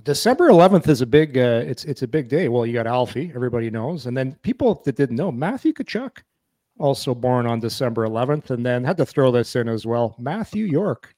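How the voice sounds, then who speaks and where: A man's voice: mid-range voice, very animated, brisk, warm tone, no echo. Rambling middle-aged man, dry sound. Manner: rambling, repeats words and restarts often. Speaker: podcast co-host. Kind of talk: casual sports chat.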